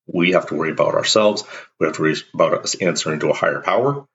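A man with a low, deep voice delivers a blunt, emphatic motivational monologue as a show host. He acts out little everyday exchanges to make his points. The recording sounds dull and lo-fi. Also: rapid-fire, vocal fry, a bit bright.

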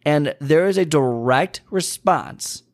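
A man giving a casual motivational talk straight to listeners. He keeps checking in with "okay?", stretches key words slowly, and jumps in pitch and speed to stress a point. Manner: animated, leaps in pitch and speed for emphasis. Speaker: motivational speaker.

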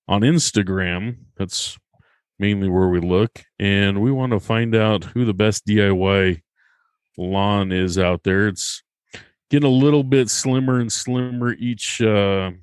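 Podcast host guy, lowish voice, dry, laid back. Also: darkish tone, clean tone, no echo. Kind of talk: hosting a live podcast.

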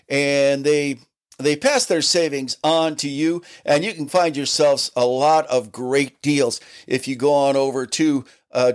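Middle-aged guy doing his local podcast, rambly and folksy, says you know a lot, voice sits a bit high. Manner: reads sponsor plugs in a chatty way. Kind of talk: casual solo podcast talk.

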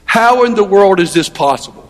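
A man's voice: high voice, expressive, brisk. A man voicing a doubting elderly priest who protests that he is too old, speaking incredulously and emphatically. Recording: long hall reverb.

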